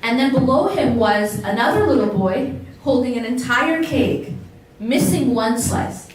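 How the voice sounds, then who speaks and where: An American woman with a fairly high voice gives a motivational religious lecture to a live audience. She keeps turning questions back to her listeners and leans on repeated words for emphasis. Her voice sounds far from the mic and rings through a very reverberant hall. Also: lively intonation, measured pace. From United States. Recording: very echoey hall, distant mic.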